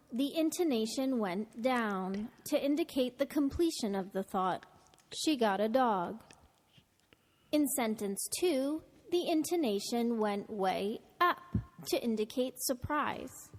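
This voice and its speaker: Female podcast narrator, higher voice, slow and carefully enunciated, with long reverb on the clip. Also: animated. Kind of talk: scripted lesson narration.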